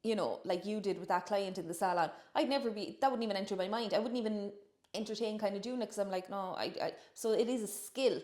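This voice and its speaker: A woman's voice: mid-range voice, fast, a little mellow, roomy sound. A woman co-hosting a casual chat, talking in a reflective, chatty way. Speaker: podcast co-host.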